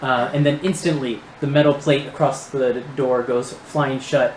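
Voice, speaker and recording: A man's voice: mid-range voice, fairly even intonation, moderate pace, reverberant, a little hiss or hum, rough recording. A man narrating a tabletop game as game master, laid-back and hesitant, with many ums and restarts.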